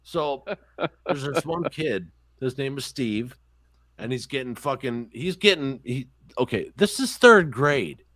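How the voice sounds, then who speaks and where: A man tells stories on a podcast in loose, casual chat, swearing freely and acting out what others said. His voice sits at an ordinary middle pitch. The recording is dry, with little room sound. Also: measured pace, dry recording. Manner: profane, animated storyteller. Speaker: podcast host.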